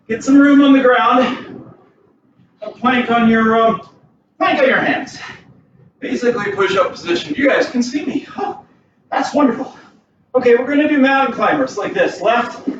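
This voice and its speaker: A karate instructor with an American accent leading a warm-up class from his home garage, upbeat and counting reps in Japanese. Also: sits high, a little slow, pauses often, lo-fi sound, slight background noise. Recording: echoey garage mic from a distance.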